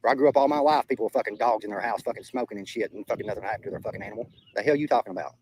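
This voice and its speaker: A young Southern US man livestreams and reads his chat, answering bluntly, casually and with plenty of profanity, often saying things twice. His voice is lowish and darkish, and he talks very fast. The recording is rough, with a slight hiss or hum.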